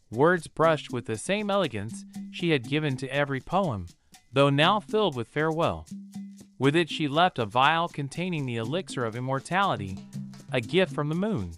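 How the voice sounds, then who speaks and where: A man tells a bedtime story in a calm, gentle, unhurried voice. His pitch rises and falls in wide, expressive sweeps, while soft music plays faintly behind him. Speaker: narrator. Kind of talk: soothing bedtime story narration.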